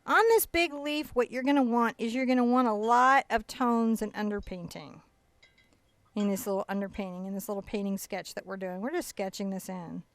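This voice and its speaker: A woman's voice: mid-range voice, normal speed, no echo. A woman hosting a live painting tutorial, chatty and playful, guiding step by step. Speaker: painting instructor and host. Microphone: new headset-style mic.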